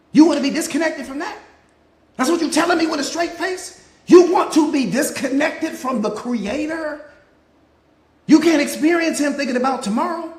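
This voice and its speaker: High-voiced man preaching in an echoey room. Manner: preachy, repetitive, fires rhetorical questions; greets viewers by name mid-talk. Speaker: mindset coach. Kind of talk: live motivational talk.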